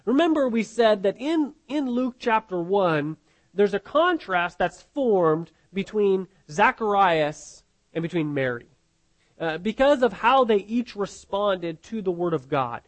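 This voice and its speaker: High-voiced man preaching a Bible sermon. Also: sing-song, unhurried. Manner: conversational, rhetorical questions, frequent restarts. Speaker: pastor. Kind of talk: sermon teaching.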